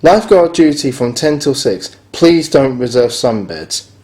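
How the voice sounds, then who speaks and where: A man narrates a hotel review while filming handheld in the room, speaking animatedly but a little slowly in a medium-pitched, slightly mellow voice, with slight background noise. Bluntly and with a touch of sarcasm, he grumbles offhandedly about broken fittings.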